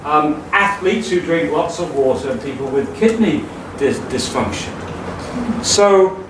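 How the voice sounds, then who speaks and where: A man's voice: on the high side, animated, unhurried. A man giving a public lecture in a hall, emphatic and scornful, laughing at his own jokes. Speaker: speaker. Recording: echoey hall from far off, noisy.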